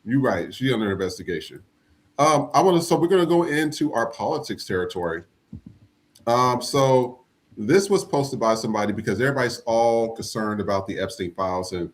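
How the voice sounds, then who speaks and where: A man hosting a podcast, talking in a blunt, profane, animated rant about politics and culture. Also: mid-range voice, brisk. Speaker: podcast host. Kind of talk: casual political chat.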